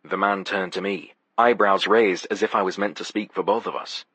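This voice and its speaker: A man's voice: low voice, steady tone, normal speed, a bit bright, slightly rough, no room sound. A man narrating a first-person audiobook in a wry, sardonic manner.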